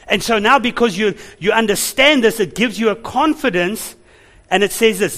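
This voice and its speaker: A man preaching a sermon as pastor, animated, laughing and calling out to the congregation. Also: high-pitched, unhurried, pauses often.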